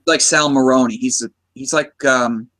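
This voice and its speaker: An American man chatting eagerly about a film as a podcast host. His pitch sits in a middle range, and he often restarts his sentences as ideas come to him. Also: fairly even intonation, moderate pace, a bit bright. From United States. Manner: chatty, enthusiastic, many restarts. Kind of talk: casual movie discussion.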